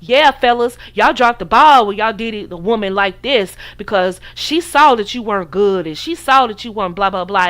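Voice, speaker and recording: A woman's voice: mid-range voice, animated, moderate pace, few pauses, fairly bright tone. A woman from the United States hosting a podcast, giving casual dating advice in a preachy, sassy way and acting out her listeners' voices. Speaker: podcast host.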